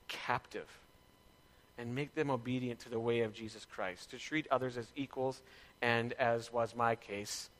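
A man's voice: medium pitch, sharp tone, in a large hall. A man preaching as pastor, in a candid, conversational way with personal stories. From Canada. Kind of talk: sermon.

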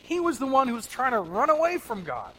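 A man preaching a sermon in an earnest, emphatic way, swinging between loud stressed words and soft asides. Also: very high voice, huge pitch swings, fairly quick, slightly rough, low-quality recording. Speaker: pastor.

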